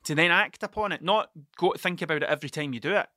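A man's voice: fairly high pitch, fast talker, sharp tone, dry recording, clean studio sound. A man hosting a podcast, telling rambling stories in casual chat, swearing constantly and restarting his sentences as he digresses. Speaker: podcast host.

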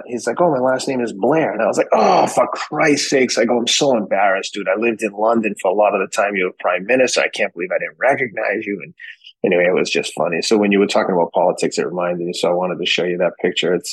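A middle-aged man with a Boston accent, a podcast guest telling animated, profane anecdotes in casual talk. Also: sits low, breathy edge, no room sound, low-quality recording. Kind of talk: casual storytelling.

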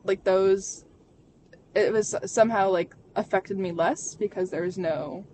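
A young adult vlogger telling a personal story from inside a car, halting and full of fillers and restarts. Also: medium pitch, fairly even intonation, darkish tone, low-quality recording. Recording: vehicle noise behind. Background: car road noise.

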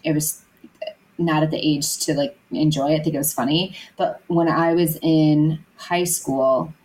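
A woman's voice: sits low, fairly even intonation, a little slow, darkish tone, poor audio. A young woman co-hosting a podcast, chatting casually and rambling with lots of filler words and restarts. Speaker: podcast co-host. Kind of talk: casual chat.

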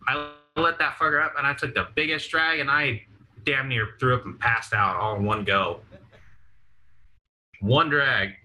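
A man's voice: medium pitch, normal speed, slight background noise, rough recording. A young man casually telling crude, laughing stories to friends on a podcast. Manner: crude, laughing, animated storyteller. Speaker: podcast co-host. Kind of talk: casual storytelling chat.

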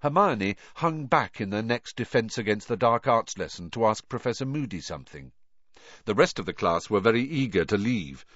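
Low, animated male audiobook narrator; dry, dull lo-fi recording. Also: normal speed, no echo. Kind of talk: storybook narration.

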